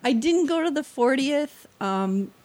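A woman's voice: sits high, animated, unhurried, a little mellow. A middle-aged woman speaks as a podcast guest in a chatty, storytelling way. She slips into little voices for the people she quotes and laughs as she goes.

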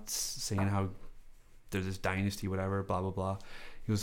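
A man's voice: sits low, completely flat delivery, moderate pace, long pauses, smooth. A man chatting casually, rambling with lots of fillers and frequent laughs. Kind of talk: casual chat.

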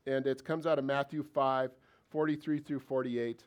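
A male pastor delivers a sermon to his church. He speaks in a relaxed, conversational way, keeps putting questions to the congregation, and his pitch sits in an ordinary middle range. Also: normal speed, smooth.

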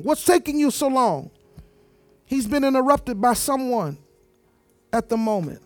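Male preacher, very high voice, emphatic and repetitive, dry close sound. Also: lively intonation, a little slow, long pauses, darkish tone, dry recording. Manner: emphatic, repeats words, talks straight to the congregation. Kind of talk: sermon.

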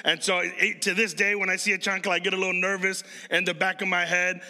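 A man's voice: high-pitched, level tone, fast talker, pushed and bright. A man in his thirties from Chicago, preaching a conversational sermon and quizzing the congregation. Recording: long reverb of a large hall.

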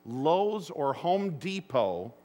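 A man's voice: on the high side, sing-song, extremely slow, dark tone, soft background music. A man preaching a sermon to his congregation. He tells stories and keeps asking the room rhetorical questions. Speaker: pastor. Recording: long hall reverb.

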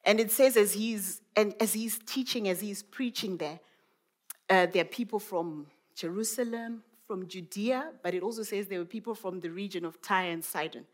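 Woman preacher, mid pitch, reflective and questioning sermon delivery. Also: normal speed. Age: adult mother. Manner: reflective, musing with many rhetorical questions.

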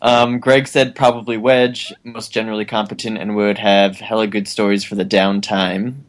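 Male podcast co-host, lowish voice, amused delivery while reading listener mail. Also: flat delivery, moderate pace. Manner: laughs often, amused. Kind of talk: reading listener answers in casual chat.

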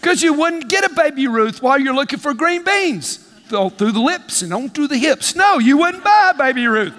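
A higher-voiced man preaching, swinging between a relaxed conversational tone and bursts of shouted emphasis. He keeps tossing questions to the congregation and playing out little dialogues. His voice rings through a large church with a long reverb. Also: moderate pace. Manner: animated preaching, call-and-response, acts out dialogue. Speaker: pastor. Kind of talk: sermon. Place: church sanctuary.

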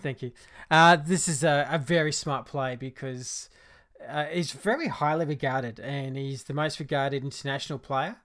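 A man hosts a casual podcast chat at an ordinary mid pitch. He talks easily and loosely, pausing on fillers as he gathers his thoughts. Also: a bit bright. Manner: easygoing, hesitant with many fillers. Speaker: podcast host.

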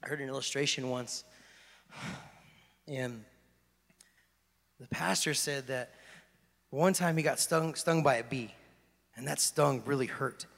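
Gravelly-voiced man preaching in a reverberant hall. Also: medium pitch, unhurried, pauses often. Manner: joking, animated storytelling that drops to hushed intensity. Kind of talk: casual sermon. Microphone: handheld microphone.

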